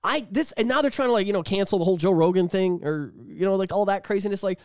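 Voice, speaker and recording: Quick-paced and clean-toned, this Canadian man hosts a podcast in casual, animated conversation, recorded dry at studio quality. He swears a lot and performs quotes in high-pitched voices.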